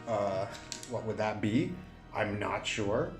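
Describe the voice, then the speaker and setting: A man narrating a solo tabletop game, thinking aloud with many pauses and fillers. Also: fairly low pitch, lively intonation, echoey room, over music.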